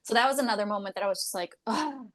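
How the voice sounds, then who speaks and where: A woman who works as a dental hygienist, a guest on a podcast interview. She tells candid stories in a loud, giggly way, laughs often and swears casually. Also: medium pitch, racing.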